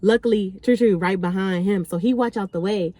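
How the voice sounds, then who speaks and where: A woman's voice: mid-range voice, brisk, no echo. A young woman, telling a party story in a casual vlog and acting out the people in it. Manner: animated, acts out the voices of people in her story. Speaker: storytime vlogger.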